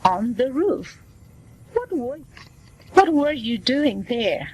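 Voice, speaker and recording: A woman's voice: on the high side, big pitch swings, darkish tone, a little hiss or hum, heavily acted, rough recording. A woman reading as a kindly family doctor. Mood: reassuring. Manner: slow, plain reading voice. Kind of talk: scripted dialogue for learners.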